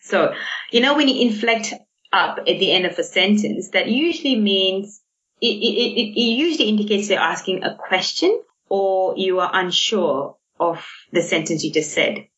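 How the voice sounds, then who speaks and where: A woman's voice: mid-range voice, animated, normal speed, fairly bright tone. An Australian woman who works as a speech therapist, talking chattily in a podcast interview and laughing often. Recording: dull lo-fi podcast audio.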